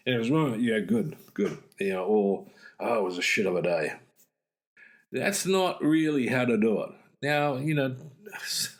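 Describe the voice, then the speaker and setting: A man, hosting a podcast and giving casual, direct relationship advice, acting out small exchanges as he goes. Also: medium pitch. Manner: direct, conversational, acts out little dialogues. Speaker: relationship coach and podcast host.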